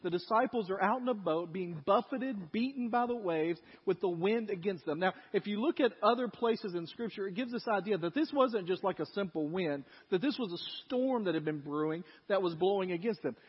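Preacher guy, highish voice, tells it like a story, muffled lo-fi church recording w/ long echo. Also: a little fast, hardly any pauses, slightly rough. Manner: animated storytelling, acts out people's voices. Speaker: pastor. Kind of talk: sermon. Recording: echoey hall, dull lo-fi sound.

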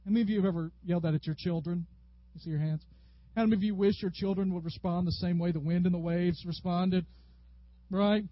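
A man from Tennessee, preaching a sermon in an animated storytelling way. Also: high-pitched, fast talker, no echo, highs cut off. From Tennessee, USA. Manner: animated, storytelling preacher who acts out quotes loudly. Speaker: pastor.

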